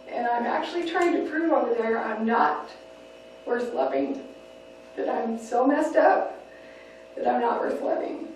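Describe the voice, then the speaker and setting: A woman giving a parenting workshop talk, lively and acting out little scenes as she teaches. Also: on the high side, measured pace, long pauses, a little hiss or hum. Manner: lively, acts out scenes in voices. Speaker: parenting class speaker. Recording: echoey room, mic far off.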